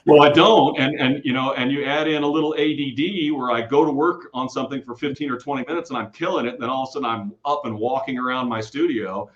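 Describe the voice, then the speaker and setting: A man from the Kansas City area, a guest storyteller telling rambling, animated stories with many restarts in a casual interview. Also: medium pitch, fast talker, few pauses. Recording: dull lo-fi audio.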